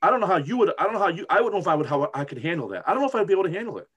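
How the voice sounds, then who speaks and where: A man's voice: sits high, very animated, racing, fairly bright tone, slightly rough. A middle-aged man from the United States chatting casually as a co-host, rambling with many restarts and fillers. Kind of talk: casual chat.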